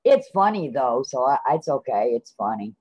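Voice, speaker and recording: A woman joining a live stream as a guest, easygoing and quick to laugh. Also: a bass voice, big pitch swings, a little mellow, husky, muffled recording. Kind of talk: casual live-stream chat.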